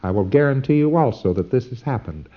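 A man's voice: mid-range voice, lively intonation, fast. A man giving an informal instructional lecture, folksy and emphatic, with frequent asides and fillers. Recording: dull lo-fi recording.

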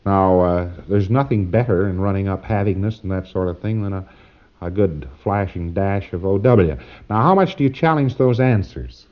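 A man lectures trainees in a folksy, wry way, now and then acting out quick back-and-forth exchanges. His voice sits on the low side. The sound is dull and muffled, like an old tape recording.

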